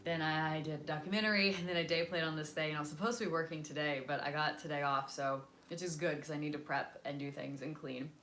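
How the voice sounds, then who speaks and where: A woman's voice: sits low, fairly even intonation, fast talker, few pauses, a bit bright, slight background noise. A young woman chatting casually on a home live stream, rambling while she eats and moves around the house. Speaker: vlogger. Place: home, indoors, moving around.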